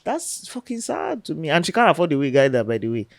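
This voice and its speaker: Animated, blunt young woman co-host. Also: sits low, fast talker, vocal fry, no room sound, studio quality. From Nigeria. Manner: blunt, swears freely, animated. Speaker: podcast co-host. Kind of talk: casual chat.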